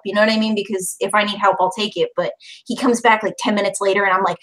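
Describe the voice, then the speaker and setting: A young woman co-hosting a podcast, talking in a loud, expressive, casual way and swearing a lot. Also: mid-range voice, quick pace. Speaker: podcast co-host. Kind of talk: casual chat.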